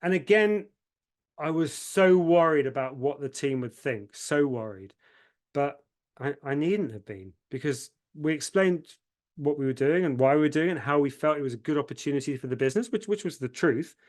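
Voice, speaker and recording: A man's voice: a little high, expressive, normal speed, a little mellow. A man, an agency founder speaking as a podcast guest, telling his story candidly and with feeling, repeating words when moved and acting out what others said.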